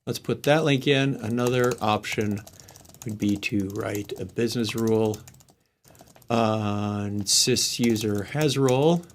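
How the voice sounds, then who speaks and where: A man's voice: lowish voice, slow, a little hiss or hum. A man hosting a live tech stream, thinking aloud and muttering asides as he works through questions, with hiccups. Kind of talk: casual screen-share tech walkthrough.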